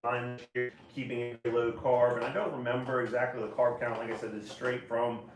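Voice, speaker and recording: A man from Pittsburgh with an American accent, co-hosting a home cocktail stream and calmly explaining each step. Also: mid-range voice, normal speed, faint music behind. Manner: relaxed, practical, explains steps. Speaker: co-host mixing drinks. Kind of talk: casual chat, demonstrating. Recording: echoey room, distant mic.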